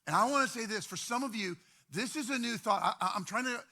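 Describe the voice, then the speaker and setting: A man preaching a sermon as pastor, talking in a conversational, animated way with repeated words. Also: very high-pitched, fast talker.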